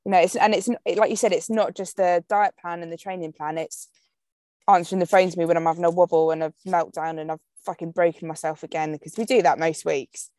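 A woman's voice: on the low side, fairly even intonation, quick pace, darkish tone, no echo, studio quality. A woman hosting a podcast, chatty and casual, swearing now and then and often laughing. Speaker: podcast host.

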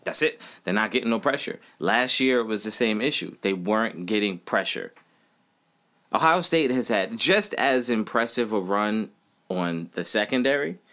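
A man's voice: fairly low pitch, animated, moderate pace, a bit bright. A man in his thirties hosting a casual podcast, ranting animatedly about college football, repeating himself and saying y'all. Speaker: podcast host. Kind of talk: casual solo sports rant.

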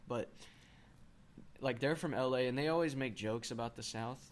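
A young man with a mid-range voice co-hosts a podcast at a moderate pace. He chats casually and rambles, using lots of filler words.

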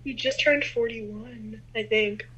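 A woman's voice: a little high, steady tone, slow pace, a bit bright, slightly rough, poor audio. A young woman co-hosting a casual podcast, laid-back and agreeable, often trailing off. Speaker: podcast co-host. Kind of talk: casual chat.

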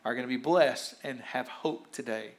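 A man's voice: medium pitch, normal speed. A man, a pastor, interviewing church members and preaching on a church stage in a conversational, encouraging way. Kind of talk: sermon and interview of congregants.

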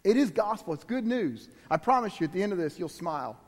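Big swings in pitch and a quick pace mark this high-voiced man's sermon, given as a guest preacher. He's emphatic but casual, frequently throwing asides to the congregation, while the church hall lends a long echo.

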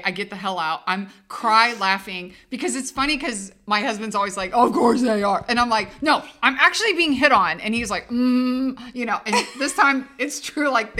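A woman's voice: mid-range voice, bright, forceful tone. A woman, co-hosting a podcast and telling a rambling story with lots of laughter. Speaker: podcast co-host. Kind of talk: casual storytelling chat.

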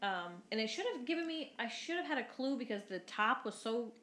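A woman's voice: fairly high pitch, lively intonation, brisk, fairly bright tone. A woman in her twenties telling a story in casual chat, rambling with lots of fillers and the odd swear word. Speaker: podcast co-host. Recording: roomy echo.

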